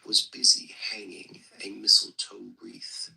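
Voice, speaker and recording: Slow, gravelly-voiced man reading aloud. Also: lowish voice, flat delivery, bright, forceful tone, rough recording. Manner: halting, with slow starts and a whispery delivery.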